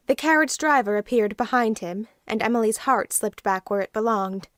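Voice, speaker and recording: A woman narrating an audiobook in a measured, unhurried reading. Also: a little high, no echo, studio quality. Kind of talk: scripted narration.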